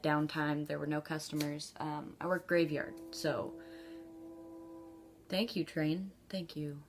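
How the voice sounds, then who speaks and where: A woman vlogger telling a personal story in a casual, chatty way, with frequent laughs and ums, jumping up in pitch when she acts out quoted lines.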